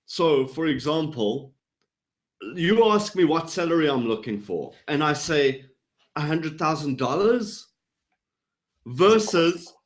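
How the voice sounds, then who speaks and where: A man with a slightly high voice explains how to read people, bouncing his pitch up and down to show what he means. He talks over a video call. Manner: animated, demonstrates vocal inflection up and down. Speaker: body language trainer. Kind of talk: explanatory interview talk.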